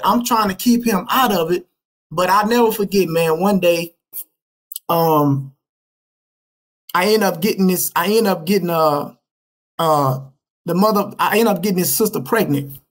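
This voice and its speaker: A middle-aged man from Dallas, Texas, a podcast guest telling his life story in slangy, casual street talk, often restarting his sentences. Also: high-pitched.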